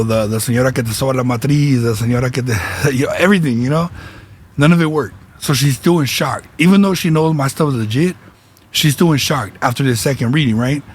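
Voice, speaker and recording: Man, podcast host, casual storytelling, slangy, Spanish words mixed in, mid pitch. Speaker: podcast host and spiritual reader.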